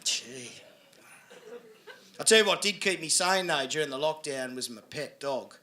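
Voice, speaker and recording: A man with an Australian accent doing a crude stand-up set, swearing and building into loud storytelling. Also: a little high, expressive, unhurried. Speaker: stand-up comedian. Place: comedy venue with audience laughter.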